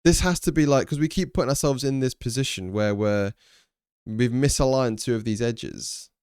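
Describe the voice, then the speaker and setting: A man's voice: mid-range voice, normal speed, a little mellow, clean tone, no room sound, clean studio sound. A young English man streaming live, chatting casually with viewers, thinking aloud and swearing now and then. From England.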